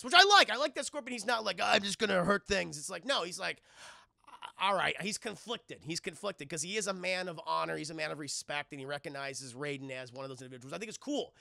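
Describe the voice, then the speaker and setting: A young adult man recapping a film on a live stream in a casual, animated, profane way, talking to his chat. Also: high-pitched, gravelly, no echo, studio quality.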